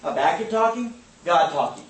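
A man's voice: a little high, big pitch swings, moderate pace. A man teaching an informal Bible survey lesson, conversational and often checking in with his listeners. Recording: echoey room, mic at a distance.

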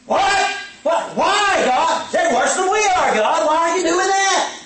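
Guy putting on a whiny indignant prophet, high strained voice, echoey room. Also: measured pace, a little hiss or hum. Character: anguished male prophet, pleading and complaining. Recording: echoey room, mic at a distance.

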